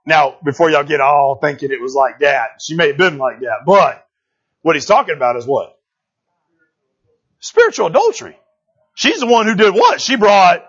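A man's voice: sits high, a bit bright, breathy edge. A man preaching through a Bible passage, retelling the story in slangy, joking asides. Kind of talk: casual sermon storytelling. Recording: dull lo-fi recording.

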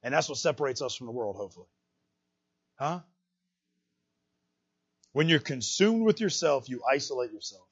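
A man preaching a sermon, emphatic and direct, swinging between loud and hushed lines. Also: mid-range voice, expressive, moderate pace, long pauses, slightly rough, lo-fi sound. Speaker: pastor.

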